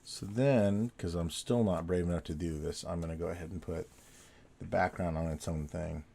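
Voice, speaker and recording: A low-pitched man with a warm, mellow voice talks through a drawing session at his desk. He rambles along in a relaxed, chatty way and second-guesses his lines as he goes. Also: moderate pace, gravelly. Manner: rambling, chatty, self-correcting as he draws. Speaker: artist drawing on video. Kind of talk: casual talk while drawing.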